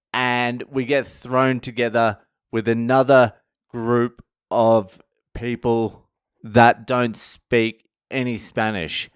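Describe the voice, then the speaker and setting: A man's voice: mid-range voice, clean tone, no echo, studio quality. A young man, telling a crude, mocking story to camera with heavy swearing. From Australia. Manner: crude, sweary, mocking, laughs at his own jokes. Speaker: vlogger. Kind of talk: profane storytelling rant.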